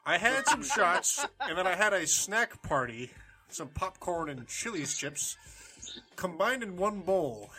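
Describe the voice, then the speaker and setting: A man's voice: high-pitched, big pitch swings, unhurried, bright, forceful tone, faint music behind. A man co-hosting a podcast, rambling through beer reviews with lots of fillers and laughs. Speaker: podcast co-host. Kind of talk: casual chat.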